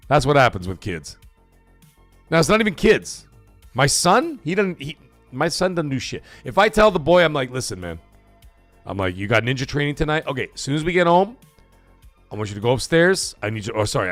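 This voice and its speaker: A middle-aged man hosting a live stream in loose, profane, rambling chat that breaks into bursts of shouting. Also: mid-range voice, no room sound. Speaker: livestream host.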